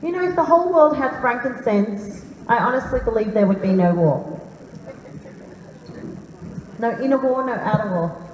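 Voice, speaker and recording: A woman calmly guiding a live audience through a breathing meditation in a large hall, speaking slowly and soothingly. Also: fairly high pitch, a little hiss or hum. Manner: calm, slow and soothing. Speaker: workshop leader. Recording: roomy hall reverb, faint ambience.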